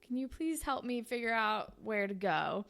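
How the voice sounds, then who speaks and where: A woman's voice: on the high side, big pitch swings, normal speed, vocal fry, a bit bright, full character voice. A woman voicing a lost, flustered young woman who asks strangers anxious questions. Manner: anxious, wide-eyed questions.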